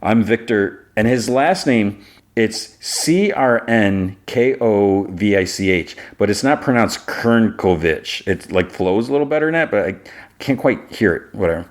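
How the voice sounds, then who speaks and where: A man with a low voice hosts a podcast and recaps an episode casually. He rambles and fills his talk with loose asides. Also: expressive, normal speed. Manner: rambling, loose, full of fillers. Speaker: podcast host.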